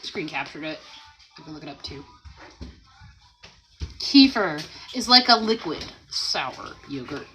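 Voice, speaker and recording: A woman's voice: sits low, animated, measured pace, long pauses, over music, poor audio. Chatty woman hosting a home livestream. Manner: chatty, laughs often, reads viewer comments aloud; gentle motherly talk to a small child. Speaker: livestream host. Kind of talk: casual livestream chat.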